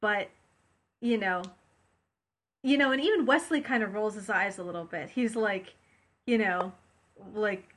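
A woman's voice: medium pitch, a little slow, pauses often, a little hiss or hum. Chatty woman podcast co-host. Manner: chatty, rambling, frequent fillers. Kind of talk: casual chat.

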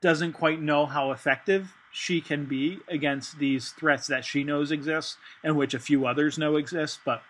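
A man's voice: fairly high pitch, fairly even intonation, normal speed, hardly any pauses, fairly bright tone. Rambling man in casual discussion. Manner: thinking aloud with many fillers and restarts. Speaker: podcast co-host.

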